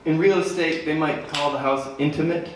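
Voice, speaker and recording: A man from Manitoba telling a story between songs at a live concert, with laid-back, deadpan humor. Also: on the high side, moderate pace, very noisy. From Manitoba, Canada. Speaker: singer-songwriter. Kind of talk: stage banter storytelling at a concert. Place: theater stage, live. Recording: echoey theater from far off with faint guitar.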